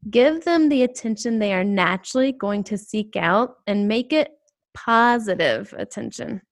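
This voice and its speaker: A woman's voice: mid-range voice, animated, moderate pace, vocal fry. Emphatic woman podcast co-host. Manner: emphatic, repeats key points. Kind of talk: conversational podcast advice.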